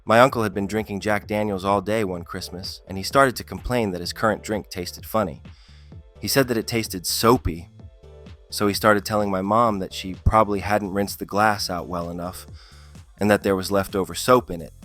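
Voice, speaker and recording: A man's voice: on the low side, steady tone, normal speed, a bit bright, soft background music. A man narrating funny stories in a scripted style, with a dry comic delivery that lifts on the punchlines. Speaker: storyteller.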